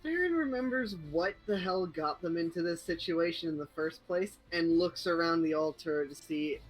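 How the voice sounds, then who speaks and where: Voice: mid-range voice, moderate pace, faint music behind, poor audio. Player narrating a character's actions. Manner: plain third-person narration of actions. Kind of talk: tabletop game play.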